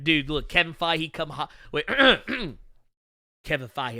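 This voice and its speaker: A man hosting a comics livestream, chatting casually through viewer questions, joking and bursting into loud laughter. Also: a little high, very animated, slow, creaky, no room sound.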